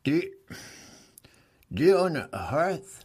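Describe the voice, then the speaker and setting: A man hosting a comedy talk show in a mock-serious, deadpan way, playfully bossing his guest around. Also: on the high side, slow pace, husky.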